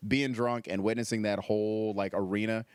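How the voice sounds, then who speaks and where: A man with a low, smooth voice recorded close and dry. He tells a rambling, profane story in casual chat, full of fillers. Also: level tone, normal speed, dry recording. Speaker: stand-up comedian guest.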